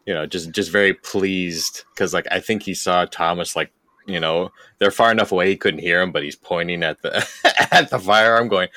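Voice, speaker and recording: Very deep-voiced, rambling male player. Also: moderate pace, sharp tone, dry recording. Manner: rambling, with many "you know"s. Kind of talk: playing a tabletop game.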